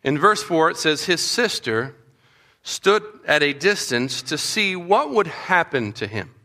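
A man preaching a Bible story to children, animated and acting out the voices of the people in it. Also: fairly high pitch, unhurried. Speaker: children's pastor. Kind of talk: storytelling sermon.

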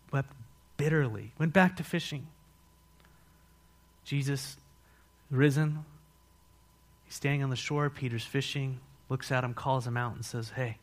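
A male pastor preaching a sermon, telling the story with lively rhetorical questions. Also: mid-range voice.

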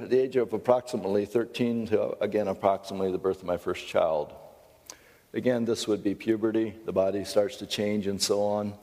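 A middle-aged man teaches a Christian seminar in a low, deep voice. He speaks emphatically and earnestly, breaking in with wry asides about himself. The big room gives every phrase a long, lingering echo. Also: warm tone.

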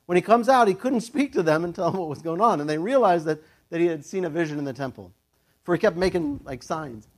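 A middle-aged man giving a casual, conversational sermon, telling the story with lively asides and laughter. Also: on the high side, fast. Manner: animated storytelling, acts out quoted voices, laughs often. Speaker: pastor.

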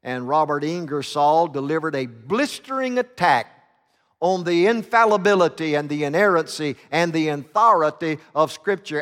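Male pastor, fairly high voice, dramatic storyteller with halting fillers, church reverb. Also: clear, resonant tone. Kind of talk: sermon. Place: church sanctuary. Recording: long reverb of a church sanctuary.

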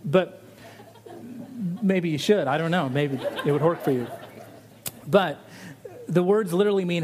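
Animated preaching man with a high-set voice. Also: unhurried, pauses often. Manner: animated preaching, rising pitch on rhetorical questions. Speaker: pastor. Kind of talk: sermon.

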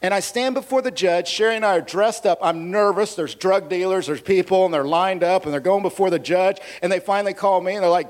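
Delivering a sermon at a moderate pace, a male pastor with a high voice shares a funny personal story. Along the way he slips in asides and asks the audience questions.

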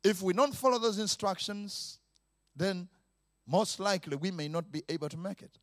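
A middle-aged man preaching a lively sermon, acting out sounds, laughing often and stretching out repeated words. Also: sits high, no echo, clean studio sound. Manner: animated, mimics sounds, laughs often, drawn-out repetitions.

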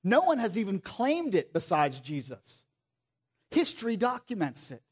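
A man preaching a sermon in a somewhat high voice. He is animated, rising to loud acted-out quotes and then dropping to a soft, pleading tone. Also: moderate pace, slightly rough. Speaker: pastor.

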